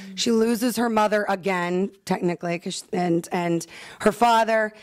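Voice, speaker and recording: A woman speaking in a chatty, animated way, stopping and restarting her sentences around plenty of "um"s. She is an actress being interviewed in a relaxed, casual conversation. Her voice sits at a middle pitch for a woman. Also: normal speed. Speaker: actress guest.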